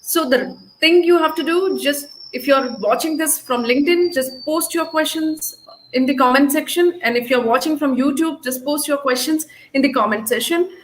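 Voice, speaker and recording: High-voiced woman hosting a live Q&A. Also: normal speed, slight background noise, rough recording. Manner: addresses viewers directly, gives instructions. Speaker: host.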